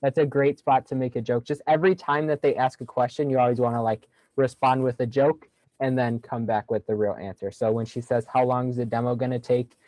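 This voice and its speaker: A man's voice: medium pitch, steady tone, brisk, a little mellow, no echo, poor audio. A young man giving a casual sales training talk on a video call, upbeat and jokey, acting out phone lines as he explains them.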